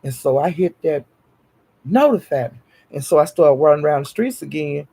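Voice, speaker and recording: Guy spilling tea, kinda high voice, gravelly and husky, real animated. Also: normal speed. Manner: animated gossipy retelling. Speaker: storyteller. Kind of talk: casual storytelling.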